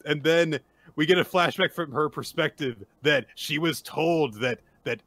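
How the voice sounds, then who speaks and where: A young man co-hosting a casual manga recap podcast, animated, often laughing and bursting into excited quoted voices. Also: on the high side, unhurried. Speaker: podcast co-host.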